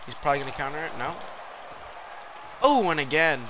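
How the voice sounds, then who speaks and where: A bright, forceful young man calls out his own gameplay in an excitable, reactive way. His voice sits a little high, and faint background noise hums behind it. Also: brisk, long pauses. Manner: excitable, reacts loudly to the game. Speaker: game streamer. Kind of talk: live gameplay commentary.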